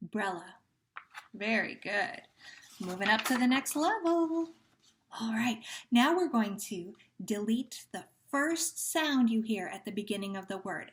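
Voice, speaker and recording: A woman teacher leading a phonemic awareness drill, speaking slowly and deliberately and giving patient, encouraging praise. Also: medium pitch, slight background noise. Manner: slow, deliberate, stretches words when repeating them.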